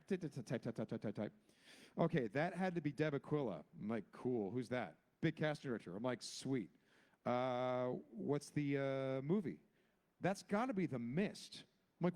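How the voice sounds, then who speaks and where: A man in his forties on a convention panel, telling a long anecdote and acting out each character with big jumps in his voice. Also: a little mellow. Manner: acts out every character with big pitch jumps. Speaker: guest actor on a convention panel.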